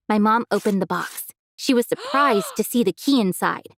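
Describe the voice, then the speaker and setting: Brisk, high-voiced woman telling a storytime. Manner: brisk, expressive first-person telling. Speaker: narrator. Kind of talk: scripted storytime narration. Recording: clear music behind.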